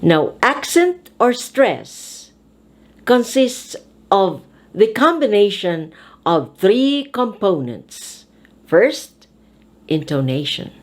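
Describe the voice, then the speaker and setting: A woman hosting an English pronunciation lesson, speaking with slow, deliberate, emphatic enunciation as a speech teacher. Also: mid-range voice, big pitch swings.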